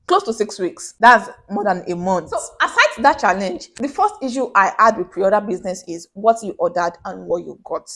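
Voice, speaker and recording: A woman's voice: mid-range voice, moderate pace, few pauses. A young woman with a Nigerian accent, a small business owner telling a personal story in a vlog and acting out the voices of the people in it. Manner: animated storyteller who acts out quoted voices.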